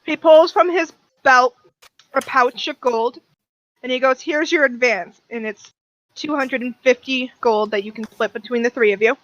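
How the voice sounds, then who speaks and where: High bright woman running a tabletop game. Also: normal speed, dull audio. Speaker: game master. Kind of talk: narrating a tabletop game over a call.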